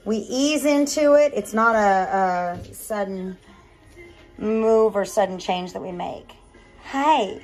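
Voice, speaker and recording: A woman's voice: lively intonation, slow pace, soft background music, low-quality recording. A woman breeder chatting casually to the camera about her puppies, now and then cooing at them in a sing-song voice. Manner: chatty, coos in a higher voice to the puppies. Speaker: dog breeder.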